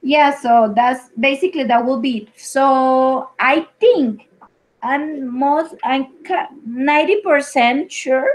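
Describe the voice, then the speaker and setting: A high-pitched woman speaks with an American accent as she teaches an English lesson online. She explains patiently and slowly, giving plenty of examples. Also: low-quality recording.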